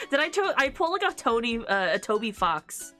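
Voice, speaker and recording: A woman streamer chatting casually and excitedly while playing through a game, with giggly asides. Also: on the high side, normal speed, soft background music.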